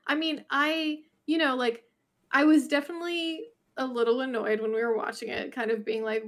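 A woman's voice: sits high, normal speed, a bit bright. A woman co-hosting a casual podcast chat, rambling and thinking aloud with many restarts. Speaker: podcast co-host.

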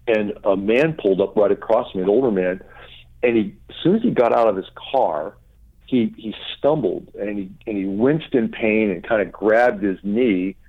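A male pastor and author, appearing as a guest, speaks at a normal speed in a low voice over a tinny phone line. During the conversational interview he tells stories animatedly, acting out quotes with high jumps in pitch.

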